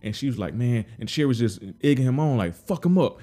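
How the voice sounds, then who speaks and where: A man's voice: mid-range voice, animated, quick pace, mellow. A man hosting a casual solo podcast recap, laid-back and slangy, acting out characters' lines as he retells scenes. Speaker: podcast host recapping a TV episode.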